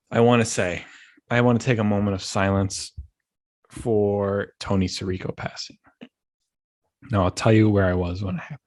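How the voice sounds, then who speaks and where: Young new dude on his podcast, loose animated storytelling, lots of restarts. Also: fairly low pitch. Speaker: podcast host. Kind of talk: casual chat.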